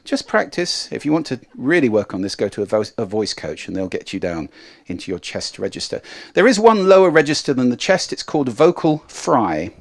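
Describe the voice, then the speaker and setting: A middle-aged man from England coaches a live audience on speaking. His voice swoops in pitch as he demonstrates registers, dropping from head voice into chest voice and whispers. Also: sing-song, a little fast. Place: stage before a live audience.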